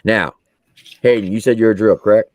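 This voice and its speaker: A man's voice: fairly low pitch, steady tone, a little fast, a little mellow, no echo. A man, an army veteran who served as a drill sergeant, telling a story on a podcast in casual slang and acting out the quotes.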